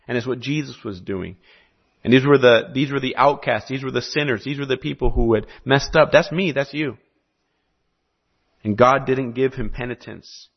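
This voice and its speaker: A man from South America preaching a sermon, telling a story with animation and asking his listeners questions. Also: mid-range voice. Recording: slightly muffled recording.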